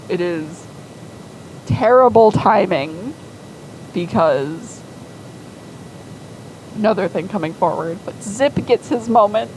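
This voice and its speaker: A woman's voice: on the low side, a little hiss or hum, low-quality recording. A woman casually and enthusiastically rambling through her fan-made story timeline with lots of fillers.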